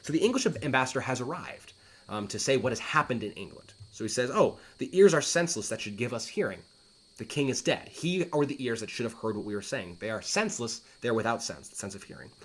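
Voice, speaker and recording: A man's voice: mid-range voice, expressive, fast, husky. A man teaching a play, reading its lines aloud and paraphrasing them in a conversational way, with frequent fillers and restarts. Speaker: teacher explaining Shakespeare. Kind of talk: casual explanatory lesson reading aloud.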